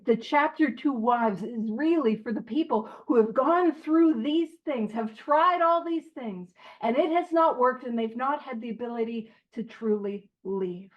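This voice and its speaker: A woman with a high, light voice leads a recovery book study. She reads passages aloud and unpacks them in a chatty, joking way. The sound is a bit dull and lo-fi. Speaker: big book study leader. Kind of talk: casual recovery study talk.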